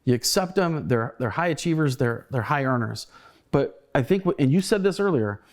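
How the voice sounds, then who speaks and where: A man's voice: medium pitch, expressive, normal speed. Reflective male podcast host. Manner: conversational, restarts words, reflective storytelling. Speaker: podcast host, former colleague. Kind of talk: casual podcast conversation.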